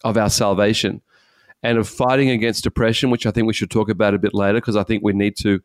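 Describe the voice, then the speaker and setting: A man, a pastor, giving an earnest, animated personal testimony in conversation. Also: on the low side, quick pace, dry recording, studio quality. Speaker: pastor and guest speaker.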